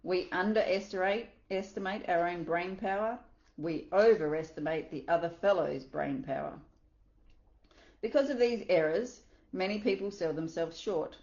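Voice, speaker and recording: A woman reads a self-help book aloud with commentary, earnest and unpolished, making small slips and adding her own asides. Her voice is slightly low and a little mellow at a normal speed. The sound is roomy and a little dull, like a simple home recording.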